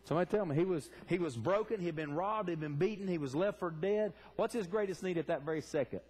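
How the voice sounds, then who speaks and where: A man's voice: sits high, darkish tone, slightly rough. A man preaching a sermon in a church, fervently asking the congregation direct questions. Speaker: pastor. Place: church sanctuary.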